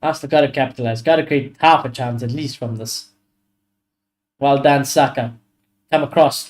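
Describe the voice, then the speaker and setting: A young man hosting a live football watchalong, reacting excitably to the play and swearing freely. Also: mid-range voice, moderate pace, pauses often. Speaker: watchalong host.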